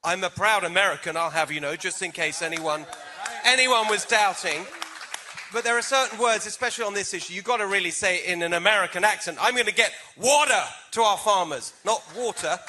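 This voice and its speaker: A man's voice: high-pitched, steady tone, fairly quick, sharp tone, a little hiss or hum. A man with a British accent answering a debate question as a political candidate, with emphatic stump-speech delivery.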